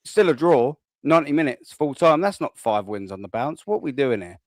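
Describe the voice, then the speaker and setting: A man hosting a casual live fan panel, talking in animated, emphatic rants. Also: mid-range voice, a little fast, no echo, clean studio sound. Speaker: host of fan show.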